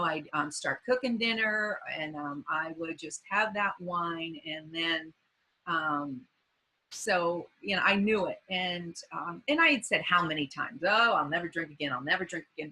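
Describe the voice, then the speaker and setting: A woman in her fifties, a podcast guest, telling an emotional personal recovery story in a halting, earnest way with many fillers. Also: on the low side, pushed and bright, breathy edge, low-quality recording.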